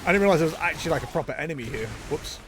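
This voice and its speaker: Over a noisy background, a young streamer talks very fast in a high-ish, expressive voice. His gameplay commentary is casual and jokey, full of self-mockery and back-and-forth with viewers.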